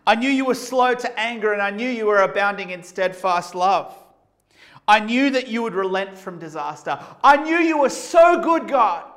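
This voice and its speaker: A man's voice: very high-pitched, a bit bright. A man voicing an exasperated prophet who pleads with God in emphatic, repeated complaints.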